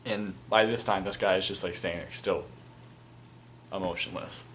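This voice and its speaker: A man's voice: low-pitched, fairly even intonation, moderate pace, a bit bright, a little hiss or hum. A young man casually recounting a tabletop game, rambling with lots of fillers and crude slang. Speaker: storyteller, fan video maker.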